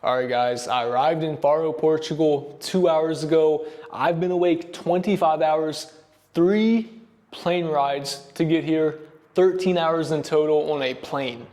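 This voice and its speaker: Young american guy vlogging his trip outside, kinda high voice, super chatty and excited. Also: measured pace, dry recording. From United States. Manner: chatty and enthusiastic, talking to the camera. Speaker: travel vlogger. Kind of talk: casual travel vlog. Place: outdoors on a sunny hillside.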